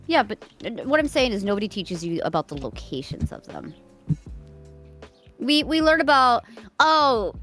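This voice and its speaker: A woman streamer chatting casually on a live stream, telling stories in a giggly, animated way. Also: mid-range voice.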